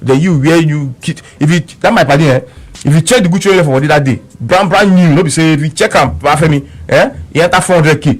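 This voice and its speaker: A man's voice: on the high side, fast talker. A man speaking with a Nigerian Pidgin accent, telling a story on radio with emphatic repeats and quoted back-and-forth. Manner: emphatic, repeats words, quotes both sides of an argument.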